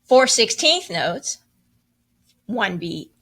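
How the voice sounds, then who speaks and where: A woman's voice: medium pitch, measured pace, fairly bright tone. A woman teaching a music lesson, encouraging as she counts and chants rhythms aloud.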